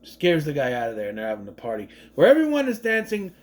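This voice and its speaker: A man's voice: a little high, huge pitch swings, fast talker. A man in his thirties, a father, casually recapping a movie in a chatty, rambling way, acting out the characters' lines. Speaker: movie reviewer.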